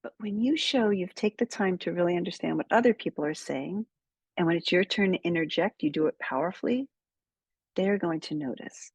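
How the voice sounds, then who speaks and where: A woman coaches viewers on speaking, her low voice husky and slightly breathy. She talks in a measured, emphatic way, leaning on key words and pausing on purpose. The sound is close and dry. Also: dry recording. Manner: measured, emphatic, deliberate pauses. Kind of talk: direct-to-camera speaking tips.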